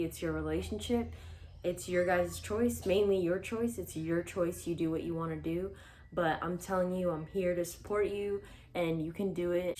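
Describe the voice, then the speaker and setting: A woman's voice: fairly low pitch, a little hiss or hum. A young woman vlogger casually telling her own life story, chatty with lots of "like" and small laughs. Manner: chatty, frequent "like", laughs between sentences.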